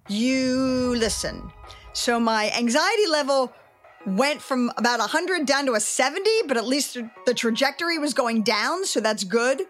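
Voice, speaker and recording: Animated middle-aged woman telling stories. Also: high voice. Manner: candid, animated storytelling. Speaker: sports reporter. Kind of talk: interview storytelling.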